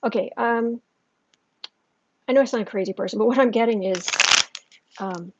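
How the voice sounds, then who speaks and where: A woman hosting a casual psychic tarot livestream at home, chatting with viewers and pausing often with fillers. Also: a little high, very noisy. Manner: chatty, answers viewers' chat, halting with fillers. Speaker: tarot reader and livestream host. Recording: dull lo-fi stream audio.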